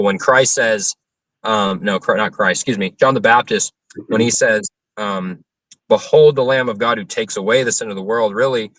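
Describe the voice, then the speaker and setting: A man's voice: on the low side, fairly bright tone, dry recording, far from the mic, poor audio. A young man, an open-air preacher, earnestly answering interview questions about theology, with frequent fillers and restarts.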